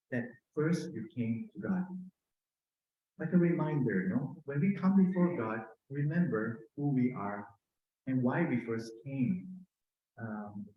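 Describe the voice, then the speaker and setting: A man's voice: medium pitch, phone-quality sound. Filipino man preaching in an echoey hall. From Philippines. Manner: gentle and personal, often adds a questioning "no?". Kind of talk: conversational sermon. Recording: very echoey room.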